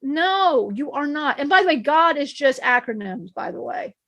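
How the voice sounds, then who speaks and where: A woman's voice: high-pitched, expressive, normal speed, pushed and bright, no room sound, lo-fi sound. A woman channeling an ancient male divine being, giving an emphatic spiritual teaching with many repeats and restarts. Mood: earnest.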